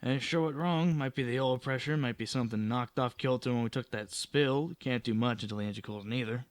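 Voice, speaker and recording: A man's voice: medium pitch, fairly quick, no echo, lightly acted. A man doing a weary rural coach driver. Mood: worried.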